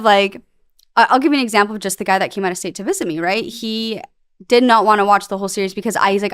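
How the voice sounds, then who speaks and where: A woman's voice: medium pitch, quick pace, clean tone, no room sound, clean studio sound. A young woman talking candidly as a podcast guest, rambling and emotional, with plenty of fillers. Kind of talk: candid interview talk.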